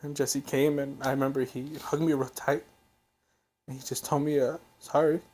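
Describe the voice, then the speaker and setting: Brief: young male podcast host, halting emotional storyteller, speaking softly. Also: mid-range voice, little pitch movement. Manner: halting, emotional, soft-spoken.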